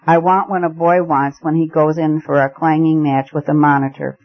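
A man reading aloud as a calm retired judge who speaks in a low, measured, placid way. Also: dry recording, close to an everyday voice. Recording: muffled lo-fi recording.

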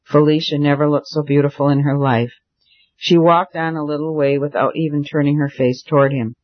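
A man reading a novel aloud as narrator, steady and measured. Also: a little high, no echo, highs cut off. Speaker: audiobook narrator.

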